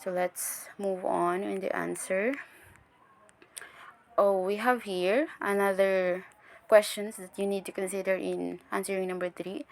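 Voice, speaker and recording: A young woman talks through a recorded class presentation in a gravelly, fry-touched voice. She explains point by point, often stopping to restart a word. A faint hiss sits under the recording. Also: mid-range voice, fairly even intonation. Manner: halting, many restarts and fillers, explaining step by step. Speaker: student presenter.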